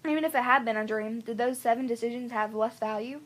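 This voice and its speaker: A woman reading a novel aloud, unhurried and gentle, with small slips now and then. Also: a little high. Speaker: audiobook reader. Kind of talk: audiobook narration.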